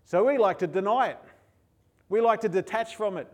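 A middle-aged man delivers a sermon in a fairly high voice. He preaches earnestly, stacking words into emphatic lists and circling back to short refrains. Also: moderate pace, pauses often, darkish tone. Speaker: pastor.

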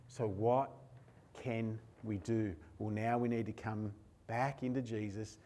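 A man preaching a sermon as pastor, emotional, moving between hushed and raised passages. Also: fairly low pitch, fairly even intonation, measured pace, a little hiss or hum.

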